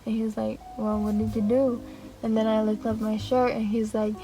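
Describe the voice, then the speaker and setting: Young woman vlogger, rambling animated storytime, slightly high voice, light music bed. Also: moderate pace, rough recording. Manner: rambling and animated, with laughs and acted-out quotes. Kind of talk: casual storytime.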